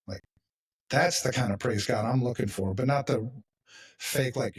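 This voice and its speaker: A man's voice: mid-range voice, expressive, moderate pace, long pauses, breathy edge, recorded from a distance. A man hosting a podcast in casual chat, talking bluntly and with emphasis, swearing freely. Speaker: podcast host.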